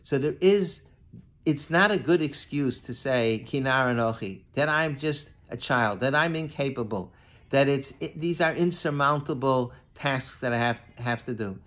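A man's voice: mid-range voice, moderate pace, fairly bright tone. An older rabbi preaches in an earnest, conversational way. He quotes a verse, then restates it plainly, often restarting his sentences as he talks. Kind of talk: sermon.

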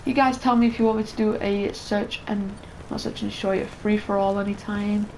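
Excitable young gamer, high voice, gunfire behind. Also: male voice, moderate pace, background noise. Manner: excitable, chatty, talks to viewers as "boys". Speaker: gaming video creator. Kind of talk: live gameplay commentary. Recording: game sounds loud under voice. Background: gunfire and game announcer.

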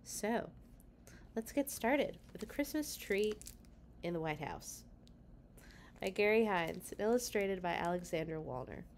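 Woman doing storytime for kids, super expressive, chatty little asides between pages. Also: mid-range voice, unhurried, long pauses, slight background noise. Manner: animated, chatty asides to children. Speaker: children's story reader. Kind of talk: read-aloud storytime.

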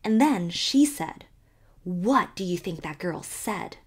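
A woman voicing a sharp-tongued spinster neighbor who relishes scandal and speaks emphatically. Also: fairly low pitch, animated, slow, breathy edge, full character voice. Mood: scandalized.

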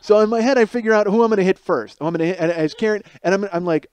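A man in his forties, hosting a podcast, telling a comic story in a rambling, animated way with many restarts and acted-out quotes. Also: high-pitched, rapid-fire, few pauses, clear, resonant tone. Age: 40s. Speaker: podcast host. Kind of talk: comedic storytelling monologue. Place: home kitchen.

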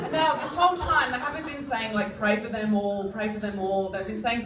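A young Australian woman rambles through a stand-up set, her voice a touch high and full of "like" and "um". The mic picks her up from a distance in an echoey club, with noticeable noise around her. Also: brisk, hardly any pauses. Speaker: stand-up comedian. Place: comedy club. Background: audience room noise.

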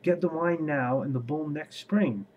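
A man reading the lines of a brisk, practical young man in a fantasy story. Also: fairly high pitch, darkish tone, pitched above the performer's own voice.

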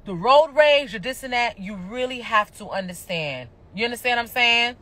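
A woman's voice: on the high side, animated, normal speed, bright, forceful tone. A woman ranting on a livestream, passionate, annoyed and cursing, talking indoors at home into a phone. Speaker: reality TV personality going live. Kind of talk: livestream rant.

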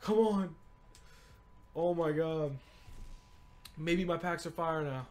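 A young man giving excited, pleading commentary while opening game card packs, swinging from low mutters to loud shouting. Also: takes it slowly, long pauses, slight background noise. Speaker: gaming YouTuber.

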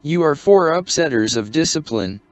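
A man voicing a gruff, stern ship's captain who speaks curtly and blusters at the boys in mock severity. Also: a little high, expressive, normal speed, dry recording, close to an everyday voice. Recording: dull, muffled lo-fi recording.

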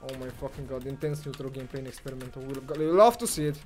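A young man commentating on his own gameplay, excitable and foul-mouthed, swinging from muttering to yelling and ranting. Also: medium pitch, very fast, hardly any pauses, faint music behind. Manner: excitable, swears, rants, swings from mumbling to yelling. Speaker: gamer streamer.

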